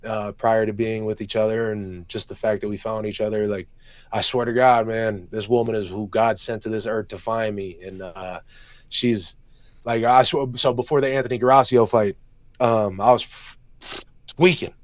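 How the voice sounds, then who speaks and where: A man's voice: fairly low pitch, steady tone, normal speed, dry recording. A young man, an MMA fighter, talking openly and emotionally in an interview, swearing often and telling stories in long run-on answers. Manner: open and emotional, heavy swearing, loose run-on storytelling. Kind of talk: candid emotional interview talk.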